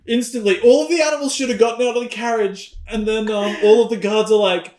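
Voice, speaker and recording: High-voiced sweary man reviewing films. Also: steady tone, fast talker, few pauses, a little mellow. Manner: sweary, mocking, acts out characters' lines. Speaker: podcast co-host. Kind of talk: casual film-review chat.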